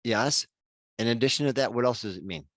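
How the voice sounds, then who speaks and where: A man's voice: medium pitch, fairly quick, no room sound. An older man in his sixties presenting a workshop over a video call, chatty and addressing attendees by name. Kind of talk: webinar workshop talk.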